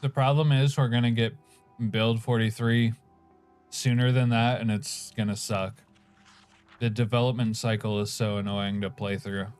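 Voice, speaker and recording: A man's voice: medium pitch, steady tone, normal speed, a little mellow, clear, resonant tone, soft background music. A man streaming a game, reading chat aloud and chuckling while he eats. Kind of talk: casual live-stream chat.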